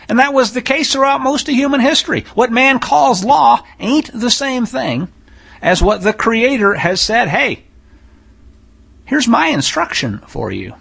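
A man's voice: very high voice, vocal fry, sharp tone, breathy edge. A man preaching a sermon, folksy and emphatic, with sarcastic asides and pointed scripture reading. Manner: reads scripture aloud, stressing single words. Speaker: Bible teacher.

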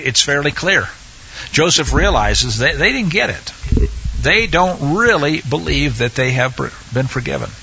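A man teaching a Bible study in a conversational way, often pausing with fillers and restarting his sentences. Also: mid-range voice, bright, forceful tone, husky, dull audio.

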